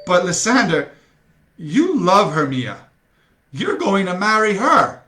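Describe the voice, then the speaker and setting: Storybook young woman, hurt and suspicious, high and lively as a male reader puts her on, echoey room. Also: takes it slowly, background noise, exaggerated voice. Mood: confused.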